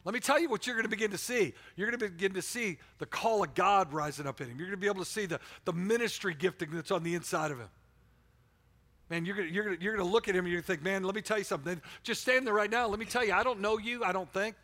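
A man's voice: sits high, fast talker, pushed and bright. A man preaching a fervent sermon as pastor, with frequent restarts, calling on people in the room. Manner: fervent, repetitive restarts, calls on listeners by name. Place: church sanctuary.

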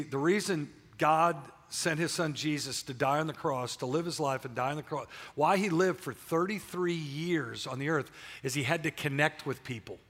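A man's voice: a little high, a bit bright. An older man preaching a sermon in a large church, telling his story candidly with frequent restarts. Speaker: pastor. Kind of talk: sermon with personal testimony. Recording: long church hall reverb.

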